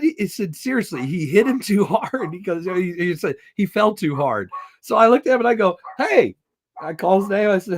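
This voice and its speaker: A man who coaches, co-hosting a podcast and excitedly telling a story in casual chat, laughing as he goes. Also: high voice, moderate pace.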